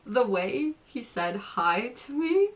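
A young woman vlogger telling an excited storytime, gushing and giggly, tripping over her words. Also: on the high side, takes it slowly. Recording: voice a bit far from the mic.

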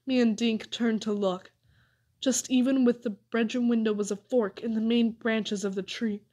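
A woman narrating a children's story aloud with an expressive reading. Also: fairly high pitch, normal speed. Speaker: audiobook reader.

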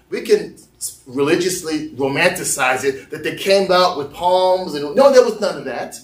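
A male pastor preaching a lively sermon, acting out voices and joking with the congregation. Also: sits high, reverberant, far from the mic. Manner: animated, acts out voices, jokes with the congregation. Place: church sanctuary.

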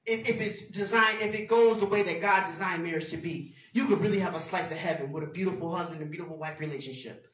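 Brief: woman pastor preaching in a sermon, fervent and forceful, distant mic in a reverberant church. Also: lowish voice, steady tone, fairly quick. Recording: echoey church from far off.

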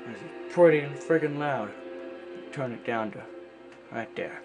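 A man's voice: medium pitch, measured pace, music in the background. Rambling, playful gameplay commentator, a man. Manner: rambling, playful, jokes around in put-on accents. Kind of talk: casual let's-play commentary.

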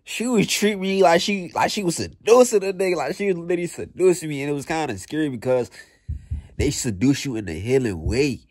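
A man's voice: on the high side, expressive, a little fast, a little mellow, no room sound, studio quality. A young man vlogging in a blunt, profane, slang-heavy motivational rant that repeats itself.

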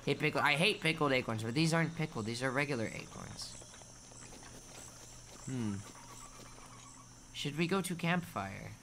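A man's voice: normal speed, long pauses, noisy background. A man streaming a video game in a playful, cutesy baby-talk manner, calling himself by a nickname, with game music behind him. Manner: swings between mumbling asides and high excited yelps. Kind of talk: live gameplay commentary.

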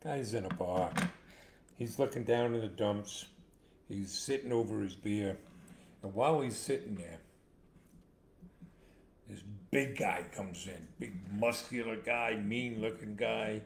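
A man's voice: fairly low pitch, a little slow, vocal fry, long pauses. A man hosting a casual chat who tells jokes and stories in a playful way, acting out the characters. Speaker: host. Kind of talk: casual chat, joke telling. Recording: echoey room with faint background noise.

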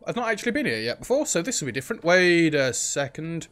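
A man's voice: fairly high pitch, sing-song, quick pace, a bit bright. A man hosting a let's play, thinking aloud in casual gameplay commentary. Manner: chatty, thinks aloud while playing, frequent ums.

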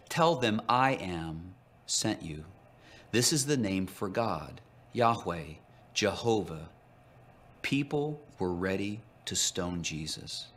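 A man narrating a Bible lesson, telling the story and voicing quoted lines with lively shifts. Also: lowish voice. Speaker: teacher.

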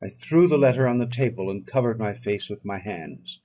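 A man reading a classic novel aloud as audiobook narration, in a measured, solemn manner. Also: lowish voice, animated, dark tone, a little hiss or hum. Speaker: audiobook reader.

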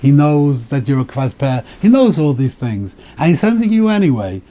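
A man's voice: mid-range voice, sing-song, moderate pace, warm tone. A male rabbi teaching a Torah class, asking question after question and often repeating and restarting his words.

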